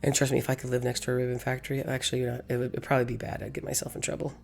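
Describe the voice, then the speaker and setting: A woman with a hoarse, gravelly voice from losing it, chatting through a crafting tutorial as host, rambling and correcting herself. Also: a bass voice, flat delivery, racing. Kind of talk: casual crafting tutorial voice-over.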